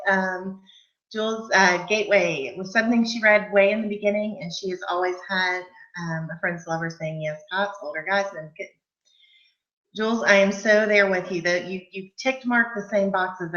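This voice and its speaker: A woman hosting a live online book club chat, talking in a gushing, chatty way with lots of fillers, clearing her throat from allergies. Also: medium pitch, normal speed, a bit bright, dull audio. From Texas.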